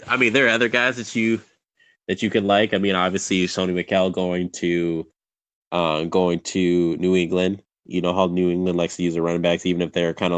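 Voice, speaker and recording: A man's voice: low-pitched, smooth. A man co-hosting a sports podcast, talking casually and rambling with many fillers and restarts. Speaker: podcast co-host.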